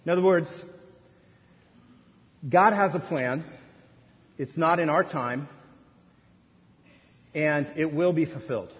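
A man in his thirties preaching a sermon in a church, telling a story with hushed asides that rise to near-shouts. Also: on the high side, slow, long pauses. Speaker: pastor. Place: church sanctuary. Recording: dull sound in a reverberant hall, faint noise.

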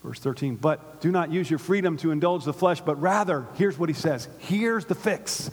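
A man preaching a sermon to his church, with call-and-response and swings from hushed to loud. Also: fairly high pitch, fairly quick, breathy edge. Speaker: pastor. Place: synagogue hall used by a church. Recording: long reverb of a large hall.

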